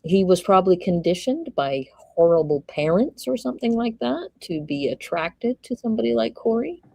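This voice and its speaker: A woman's voice: mid-range voice, very animated, moderate pace, gravelly, a little mellow, no room sound, poor audio. A woman hosting a livestream, giving casual live commentary on a trial and reading messages aloud with running asides.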